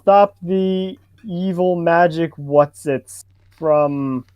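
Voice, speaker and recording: A man talks slowly and drily as a co-host on a stream, agreeing with his friend. His voice is dull and lo-fi, with no room sound around it. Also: on the high side, clear, resonant tone, no echo. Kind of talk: casual chat.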